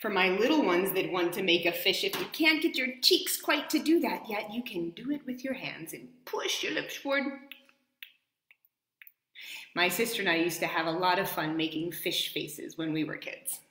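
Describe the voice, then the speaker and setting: Gentle sing-song woman telling children's stories. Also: mid-range voice, lively intonation, moderate pace, slight background noise. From New York State, US. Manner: gentle, playful, sing-song counting rhyme. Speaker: storyteller and dance educator. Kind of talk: children's story time with movement. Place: home in Italy, echoey room. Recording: echoey room.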